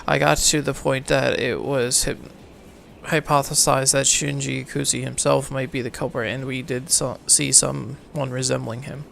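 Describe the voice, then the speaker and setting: A man reading a game's story aloud for a let's play, halting and correcting himself, then signing off casually. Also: mid-range voice, little pitch movement, gravelly, fairly bright tone, a little hiss or hum. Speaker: let's player, reading game text. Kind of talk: reading game narration aloud, casual outro.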